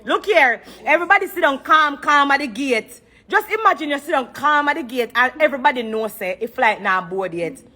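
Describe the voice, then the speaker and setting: Jamaican woman, high pitch, casual laughing storyteller, big animated delivery. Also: brisk. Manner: laughing storyteller mimicking a pleading man. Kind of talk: casual chat.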